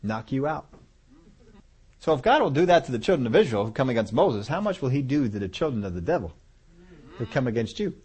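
A man preaching a sermon, animated, acting out voices of God and people and chuckling as he goes. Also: medium pitch, brisk, long pauses, husky.

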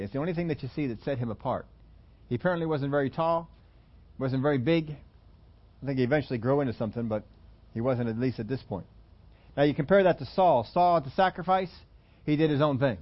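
A man preaching a sermon, telling a scripture story with animated, acted-out voices for its characters. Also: mid-range voice, quick pace. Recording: muffled lo-fi sermon recording.

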